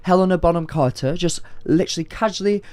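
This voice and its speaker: A young man tells a story on a casual podcast, full of fillers and quick asides. His voice is smooth and clear, recorded close and dry with almost no room sound. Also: high voice, no room sound. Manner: animated storytelling, lots of "like". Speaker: podcast co-host. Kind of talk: casual chat.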